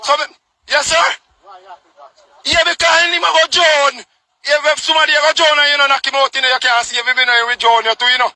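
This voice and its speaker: A man voicing an excited local eyewitness in a cartoon news report, rambling in Jamaican patois. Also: very high-pitched, brisk, full character voice. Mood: earnest. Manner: breathless, rambling patois storytelling.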